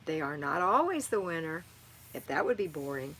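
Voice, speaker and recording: A middle-aged woman with a lowish voice hosts a live stream. She reads viewer comments aloud and answers them with warm, motherly encouragement. Faint noise hums underneath. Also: big pitch swings, normal speed, rough recording. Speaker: livestream host answering viewer chat. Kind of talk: live-stream chat and home advice.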